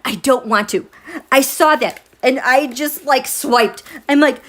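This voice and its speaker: Chatty high-voiced woman hosting a livestream. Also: moderate pace. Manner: chatty, animated, laughs often, reads viewer comments aloud. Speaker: tarot livestream host. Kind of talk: casual livestream chat with viewers. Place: home, at night.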